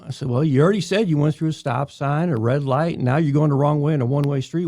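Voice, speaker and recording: An older man from New York, a retired police officer, telling stories in a relaxed, casual podcast chat. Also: on the high side, quick pace, few pauses, no room sound, studio quality. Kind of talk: casual storytelling.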